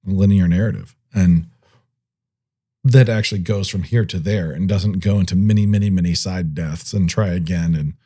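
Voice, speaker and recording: Playful, low-voiced man co-hosting a podcast. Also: moderate pace, dark tone. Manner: playful, makes goofy bass sounds and laughs often. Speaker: podcast co-host. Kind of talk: casual chat.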